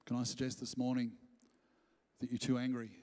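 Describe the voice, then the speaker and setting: A man preaching a sermon as pastor, animated and acting out quoted voices as he speaks. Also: medium pitch, normal speed. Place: church auditorium. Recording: long church reverb.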